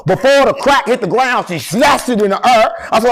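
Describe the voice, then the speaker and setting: A middle-aged man, telling long rambling stories with deadpan jokes as an interview guest. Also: high-pitched, moderate pace. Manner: animated, rambling, deadpan joking. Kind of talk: rambling storytelling in casual interview.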